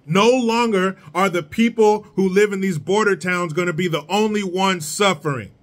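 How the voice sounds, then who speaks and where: Sarcastic high-voiced male ranter. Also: moderate pace. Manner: sarcastic, mocking, blunt. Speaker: political commentator. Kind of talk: solo rant commentary.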